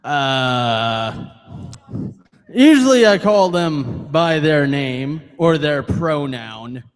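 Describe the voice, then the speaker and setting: A man hosts a poetry open mic in a cafe, rambling through crude jokes. His voice swings widely up and down at an unhurried pace. The live venue gives it a long hall reverb. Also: fairly high pitch, expressive, smooth. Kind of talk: joking stage banter. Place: cafe performance space.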